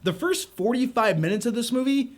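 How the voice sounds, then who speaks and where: A man's voice: very high voice, expressive, brisk. An American man giving a casual, jokey movie review full of self-mocking tangents. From United States.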